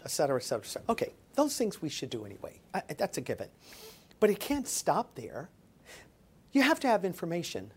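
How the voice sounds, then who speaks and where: A woman's voice: low-pitched, darkish tone, husky. Woman guest on an interview, preachy and emphatic, voice jumps all over. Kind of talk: animated interview talk.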